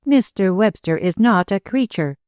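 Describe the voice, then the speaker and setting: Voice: medium pitch, fairly quick, a little mellow, clear, resonant tone, dry recording, clean studio sound, voice pushed up, lightly acted. A narrator voicing a spirited young woman who speaks coolly and with defiance. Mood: defiant. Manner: cool, defiant.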